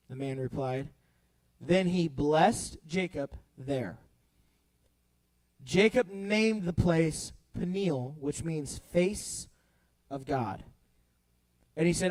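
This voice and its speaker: A young man leading a youth group Bible talk, playful and animated, swinging between loud bursts and hushed storytelling. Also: on the high side, slow, pauses often, no echo, low-quality recording. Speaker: youth pastor.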